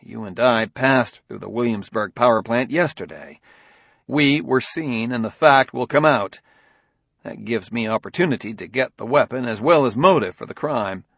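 A man's voice: medium pitch, moderate pace, gravelly, a bit bright, breathy edge, dry recording. A man playing a tense, hunted detective. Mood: anxious. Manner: urgent, anxious reasoning aloud. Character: tense, hunted male human police detective. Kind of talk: audiobook dialogue reading.

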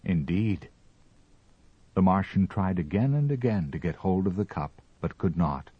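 A man narrating a story as an audiobook reading, with expressive, measured storytelling. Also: deep voice, husky, dry recording, lo-fi sound.

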